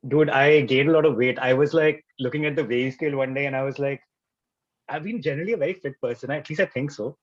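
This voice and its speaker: Man, 30s, podcast guest, rapid slangy chat, muffled lo-fi audio. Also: medium pitch. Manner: laid-back, slangy, peppered with "like" and "man". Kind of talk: casual conversation.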